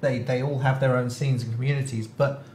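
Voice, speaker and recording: Halting man in an echoey room. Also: mid-range voice, steady tone, darkish tone. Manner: halting, restarts often, dry sarcasm. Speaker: podcast co-host. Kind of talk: casual chat. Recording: roomy echo, faint hiss.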